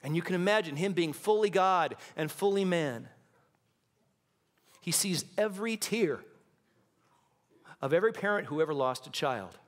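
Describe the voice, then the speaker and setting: A man's voice: sits high, animated, normal speed, long pauses. A male pastor preaching a sermon in a church, impassioned and building to dramatic intensity. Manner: acts out quoted lines in hushed and shouting voices. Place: church sanctuary.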